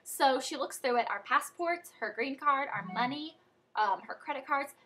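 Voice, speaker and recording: A young American woman chatting through a childhood story in a casual vlog, animated and full of fillers. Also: sits high, moderate pace. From United States. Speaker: vlogger.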